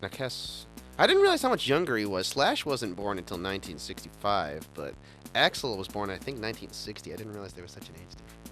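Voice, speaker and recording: Rambling low-voiced man, lively and bright. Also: brisk, faint music behind. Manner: rambling, enthusiastic, stumbling restarts. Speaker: show host. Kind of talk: casual chat.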